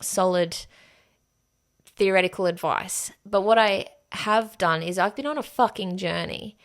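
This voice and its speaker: A woman with a mid-range, somewhat bright voice speaks at a measured pace on her solo podcast. She's candid and forceful, swearing liberally throughout the monologue.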